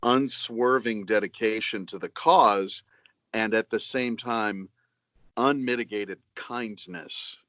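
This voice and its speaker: A man talking as a voice actor guest on a podcast, chatty and self-deprecating with halting restarts. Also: fairly low pitch, fairly bright tone, no room sound. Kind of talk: casual podcast chat.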